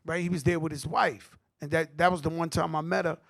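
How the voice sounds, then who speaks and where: A middle-aged man with a New York accent, telling animated stories at a tribute panel, acting out quotes and swearing freely. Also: a little high, a little fast, gravelly. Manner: animated street storytelling, acts out quotes, swears. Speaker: host.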